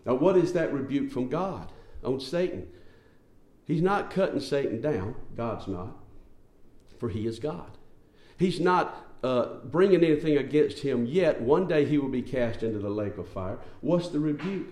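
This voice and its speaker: A man delivers a sermon in an emphatic, conversational manner, often asking his listeners rhetorical questions. His voice is mellow and sits at an ordinary pitch. The room gives it a noticeable echo. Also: lively intonation, measured pace. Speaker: preacher.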